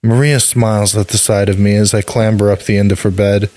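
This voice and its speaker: A man narrating a dark fairy tale in the first person, measured and calm. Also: lowish voice, dry recording. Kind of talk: scripted narration.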